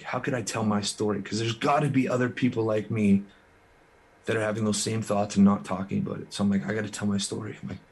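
A man from Canada, a musician guest in an interview, telling his story in an earnest, frank way with quick restarts. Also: lowish voice, darkish tone, husky.

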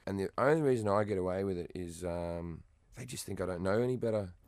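A man's voice: sits low, quick pace, darkish tone, dry recording, clean studio sound. A man with an Australian accent, chatting as a comedian guest in an interview, blunt, profane and self-mocking. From Western Australia. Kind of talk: casual interview chat.

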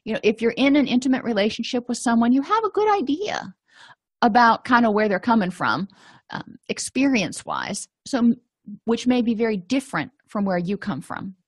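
A woman's voice: a little high, very animated, normal speed, no echo. A woman, a counselor, teaching a conversational lesson on empathy in relationships and acting out little quoted exchanges. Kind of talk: informal lecture on empathy.

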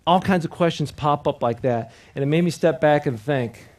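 A pastor delivering a sermon in a fairly high male voice. He is earnest and repetitive, leading the congregation in call-and-response, and swings from loud, emphatic proclamations to quiet, intimate appeals. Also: normal speed. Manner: earnest, repeats key phrases and leads the congregation in call-and-response.

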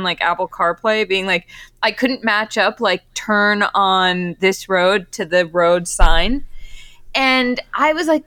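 Bright-voiced woman telling a story. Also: medium pitch, no room sound. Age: 30s. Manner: animated storytelling, quotes herself and others with a laugh. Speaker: guest. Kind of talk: casual podcast chat.

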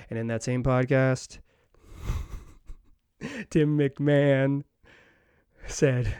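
Male podcast host, slightly high voice, rambling casual sports talk, dry close mic. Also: darkish tone, no room sound. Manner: rambling, many restarts and fillers.

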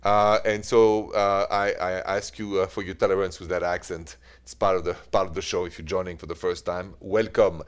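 A man's voice: low voice, little pitch movement, smooth. French-accented man hosting a radio advice show. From France. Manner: warm-toned, unhurried, mixes French greetings into English. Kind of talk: call-in radio talk.

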